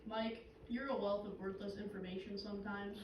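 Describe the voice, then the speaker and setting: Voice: mid-range voice, fairly even intonation, moderate pace, natural voice. A young performer playing Carl, a wisecracking middle-aged fisherman who swaps tall tales in a comedy skit. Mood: storytelling. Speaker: actor in a two-person comedy skit. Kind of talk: scripted comedic dialogue. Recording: roomy, distant, noisy stage recording.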